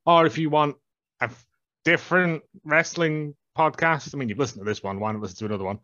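Male podcast guest, deadpan humor, bright and animated, close dry mic. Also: mid-range voice, fast talker, no room sound, highs cut off. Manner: jokey and deadpan about his own projects. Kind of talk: casual chat.

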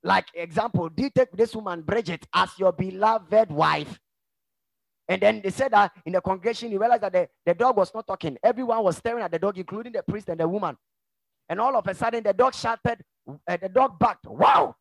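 Gravelly-voiced preacher man, high and dry. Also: fast talker, no room sound. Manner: emphatic preaching, swinging from hushed to shouting. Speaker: pastor. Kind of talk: sermon.

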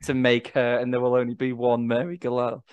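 A man co-hosting a casual podcast, enthusiastic and quick to laugh. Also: mid-range voice, monotone, a little mellow, clean tone, no room sound, lo-fi sound. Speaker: podcast co-host. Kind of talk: casual chat.

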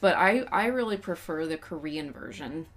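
A woman's voice: deep voice, expressive, moderate pace. A woman from West Texas co-hosting a podcast, chatting candidly and poking fun at herself. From West Texas, USA. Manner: chatty, candid and self-mocking. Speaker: podcast co-host. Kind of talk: casual chat.

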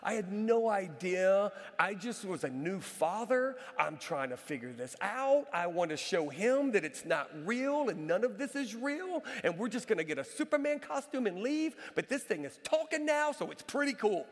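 A male pastor preaching a sermon with a high-pitched voice. He tells stories with lively energy and climbs into excited shouting at the big moments. His voice carries the long reverb of a large church hall. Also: normal speed, few pauses. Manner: lively storyteller who rises to excited shouting. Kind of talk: sermon with a personal story.

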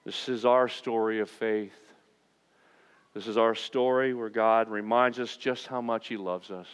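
A man's voice: mid-range voice, fairly bright tone, clear, resonant tone. A male pastor preaching a sermon, emphatic and at times impassioned. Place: church sanctuary. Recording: long hall reverb in a church sanctuary.

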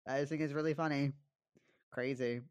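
A man's voice: mid-range voice, fairly even intonation, a little fast, darkish tone, dry recording. Young man, podcast co-host, casual storytelling, swears a lot, dry sound. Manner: confessional, heavy swearing, many fillers.

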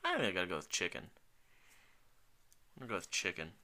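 A young man co-hosts a podcast in loose, joking chat. His pitch jumps all over the place and his tone is bright and forward. He thinks out loud as he goes. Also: wildly swooping pitch, quick pace, a little hiss or hum. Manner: joking, thinks aloud while ordering food. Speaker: podcast co-host. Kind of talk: casual chat.

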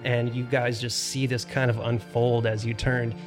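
A man narrating a tabletop role-playing game as game master, describing scenes in a calm, even way with fillers. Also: mid-range voice, moderate pace, music in the background.

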